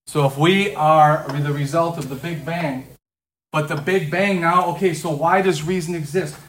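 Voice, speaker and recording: A man's voice: on the high side, steady tone, normal speed, fairly bright tone, a little hiss or hum. A man teaching a class in front of a board, lecturing conversationally and firing off rhetorical questions and mock back-and-forth exchanges.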